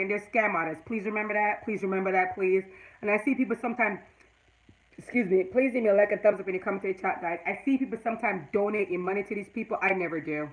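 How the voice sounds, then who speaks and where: A woman's voice: medium pitch, quick pace, fairly bright tone, poor audio. A woman in her forties talking to her live chat in a personal vlog, earnest and at times tearful, then emphatic and preachy. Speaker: YouTube vlogger.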